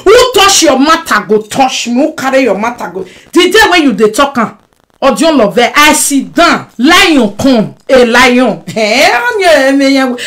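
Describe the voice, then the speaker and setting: A Nigerian woman ranting on a live stream. She swings between shouting and muttering, mixing Pidgin and English. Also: high voice, very animated, unhurried. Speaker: social media personality. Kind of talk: emotional live-stream rant.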